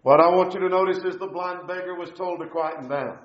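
A man's voice: on the high side, steady tone, normal speed, long pauses. A man preaching a sermon, emphatic, repeating key phrases and quoting scripture. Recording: echoey, dull church recording.

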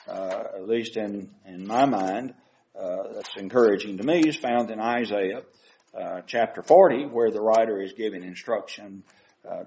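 A man's voice: fairly low pitch, dark tone, a little hiss or hum. Older male preacher, conversational sermon. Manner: conversational, asks the congregation questions, with frequent uh fillers. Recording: slightly dull lo-fi sound.

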